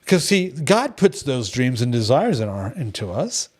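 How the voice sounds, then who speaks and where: With a mid-range, sing-song voice of darkish tone, a middle-aged man speaks unhurriedly and with few pauses. He leads a devotional group in casual talk, telling blunt stories and often restarting his sentences.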